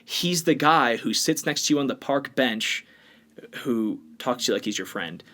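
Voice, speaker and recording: A man's voice: medium pitch, lively intonation, normal speed, bright, forceful tone. Blunt, opinionated male podcast co-host. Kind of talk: casual podcast discussion.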